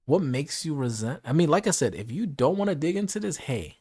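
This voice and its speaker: A man's voice: fairly high pitch, very animated, brisk, mellow, slightly rough. A man streaming a late-night casual chat, earnest and reflective, talking things through with lots of "like" and "you know.".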